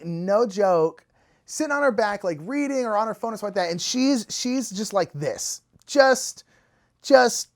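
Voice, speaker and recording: A man telling a funny travel story in a casual, animated way, laughing often. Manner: animated, laughing, big pitch swings. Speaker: storyteller, channel co-host.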